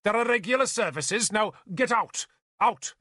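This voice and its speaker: A man's voice: mid-range voice, animated, moderate pace, a bit bright, no echo, studio quality. A man voicing a pompous, greedy male bishop who wails and shrieks melodramatically, in an audiobook. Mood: outraged. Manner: melodramatic wailing, shrieking pleas. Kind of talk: audiobook character voice.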